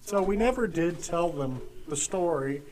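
A man co-hosting a podcast who chats casually and drops dry, deadpan jokes. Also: on the high side, a little slow, a little hiss or hum, rough recording. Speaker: podcast co-host. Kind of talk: casual chat.

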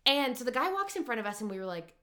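A woman podcast host in casual chat, retelling a story with lively quoted dialogue and plenty of "like". Her voice is bright and clear. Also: on the high side, rapid-fire. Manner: animated, lots of "like" and quoting.

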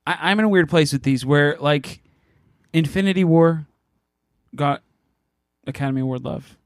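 A man's voice: fairly high pitch, moderate pace, dry recording, studio quality. A man co-hosting a podcast, leading the discussion with frequent restarts and hesitations. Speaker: podcast co-host. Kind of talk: casual chat.

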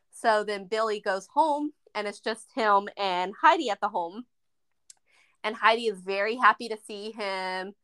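A woman's voice: mid-range voice, unhurried, fairly bright tone, clear, resonant tone. A woman co-hosting a casual movie review podcast, retelling the plot at length and acting out the characters' lines. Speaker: podcast co-host.

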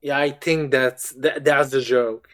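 A man's voice: mid-range voice, steady tone, measured pace, a bit bright. A man co-hosting in casual chat, who stammers, repeats words and swears heavily. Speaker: podcast co-host.

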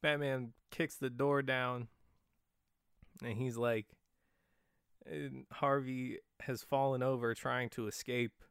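Gravelly-voiced man co-hosting a podcast. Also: medium pitch, fairly even intonation, takes it slowly, long pauses, a bit bright, dry recording, clean studio sound. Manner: retells scenes with laughing asides. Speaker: podcast co-host. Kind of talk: casual movie discussion.

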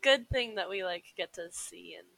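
A bubbly woman co-hosts a casual podcast, giggling and leaning on fillers. Her voice is bright and crisp. It is recorded dry and close, with no room sound. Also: fairly low pitch, normal speed, no echo, low-quality recording. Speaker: podcast co-host. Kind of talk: casual chat.

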